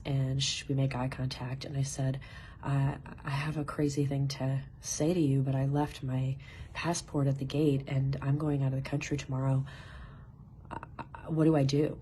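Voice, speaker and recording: A woman casually telling a personal story in an animated way, swearing and laughing as she goes. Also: a bass voice, slight background noise.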